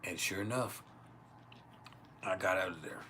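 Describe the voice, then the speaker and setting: Host telling raw stories on a live stream, slightly low and bright, faint room noise. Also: male voice, measured pace. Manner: crude, laughing often, acts out quoted voices. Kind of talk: casual storytelling. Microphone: home livestream mic.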